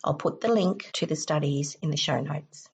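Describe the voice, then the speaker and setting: A woman hosting a self-help podcast, explaining steps in a calm, instructive way. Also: low-pitched, moderate pace, creaky, breathy edge. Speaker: podcast host.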